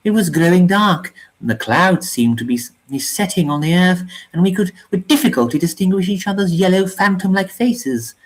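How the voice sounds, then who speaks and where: A reader narrating a grim war novella aloud in a measured, somber way. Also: mid-range voice, lively intonation, rough recording. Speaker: reader of a story channel.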